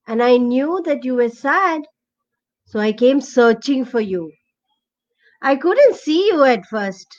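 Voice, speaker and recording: Kindly fun-loving frog voiced by a woman, high and unhurried, storybook read-aloud, muffled lo-fi sound. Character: friendly male frog drummer, fun-loving.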